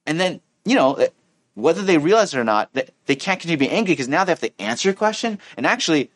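A male pastor preaching with a very animated voice that swoops up and down as he acts out quarrels. The sound is dry and close, with no room echo. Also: fairly high pitch, quick pace. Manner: animated, acts out angry exchanges with laughs. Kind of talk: sermon. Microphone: miked with sound engineer.

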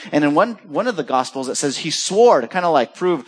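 Animated male preacher, fairly high voice. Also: quick pace, few pauses. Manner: animated storytelling, acts out quoted voices. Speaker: pastor. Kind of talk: sermon.

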